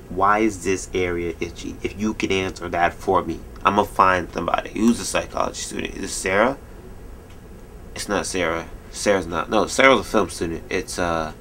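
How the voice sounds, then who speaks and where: A man in his twenties rambling jokily through a late-night vlog at home, telling stories in an animated way. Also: low voice, a little hiss or hum. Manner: rambling, jokey, animated storytelling. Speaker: vlogger.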